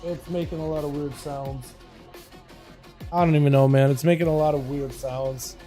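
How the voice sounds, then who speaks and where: A young male streamer casts game duels in a raised, lively register, his voice hoarse and rough tonight. His tone is mellow and dark, and he hypes every play and banters with chat. Faint music plays quietly behind him. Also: a little high, moderate pace. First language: Russian. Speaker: livestream host casting game duels. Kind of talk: casual livestream commentary.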